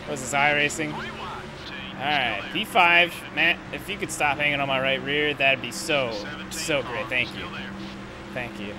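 A man's voice: mid-range voice, unhurried. A young man giving live gameplay commentary, ranting with exasperation and heavy swearing. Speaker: gaming commentator. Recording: loud game engine noise underneath.

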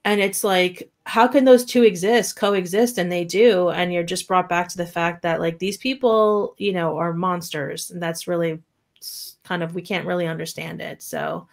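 A woman co-hosting a podcast in casual chat, animated and giggly, with lots of fillers. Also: fairly low pitch, moderate pace, gravelly. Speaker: podcast co-host.

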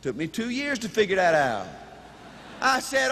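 A man giving an emphatic, repetitive motivational speech to a crowd in a large hall, with bursts of shouting. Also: extremely high pitch, wildly swooping pitch, a little slow, slight background noise. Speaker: motivational speaker. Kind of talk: high-energy motivational speech.

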